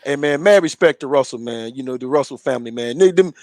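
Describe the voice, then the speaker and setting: A man's voice: medium pitch, fast, darkish tone, no room sound. A man co-hosting a boxing talk show, joking and laughing, often stammering as he restarts. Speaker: boxing podcast co-host. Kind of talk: casual profane chat.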